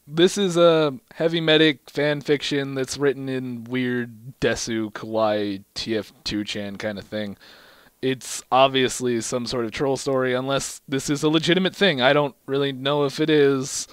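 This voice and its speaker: A man's voice: mid-range voice, steady tone, measured pace, clear, resonant tone, no echo. Wry man reading a fan story aloud. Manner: wry, stumbles over words. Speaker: channel host reading fan fiction. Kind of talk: casual amused read-aloud.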